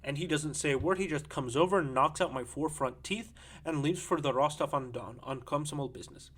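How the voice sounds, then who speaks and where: A rambling, boisterous drunken woman spills out her messy tale, read by a man in an audiobook. The voice sits fairly high for a man and tumbles on without pause. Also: fairly bright tone, husky. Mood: brash. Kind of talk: audiobook reading.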